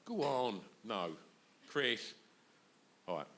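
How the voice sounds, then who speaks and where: A man hosting a live podcast in a bar, firing off quick jokey reactions and questions. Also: medium pitch, expressive, a bit bright, a little hiss or hum. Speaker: podcast host. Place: live show in a bar venue.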